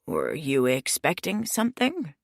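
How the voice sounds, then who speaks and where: A man's voice: a little high, wildly swooping pitch, unhurried, vocal fry, no room sound, studio quality, heavily acted. A woman doing a nasal old man. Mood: helpful. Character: old man in his late seventies, hip, helpful.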